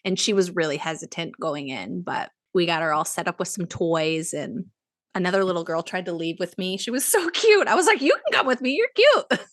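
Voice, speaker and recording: A woman's voice: fairly low pitch, very animated, fairly quick, no echo, clean studio sound. A woman in her thirties co-hosting a podcast, chatting casually and laughing often. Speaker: podcast co-host. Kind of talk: casual chat.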